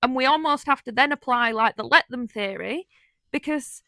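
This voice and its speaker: A woman's voice: sits high, normal speed, pushed and bright, no echo. A woman co-hosting a podcast in casual chat, supportive and affirming with a cheeky sense of humour. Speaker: podcast co-host.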